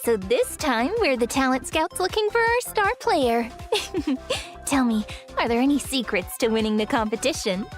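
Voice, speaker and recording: Eager, playful co-host; high and lively scripted read. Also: female voice, moderate pace, faint music behind. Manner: excited, playful. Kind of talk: scripted game broadcast hosting.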